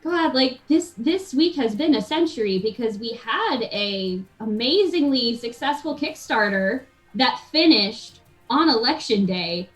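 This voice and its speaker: A woman guest on a live talk stream, chatting in an excitable, rambling way and laughing often. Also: a little high, unhurried, hardly any pauses, faint music behind, poor audio. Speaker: guest, game developer and streamer. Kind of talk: casual chat.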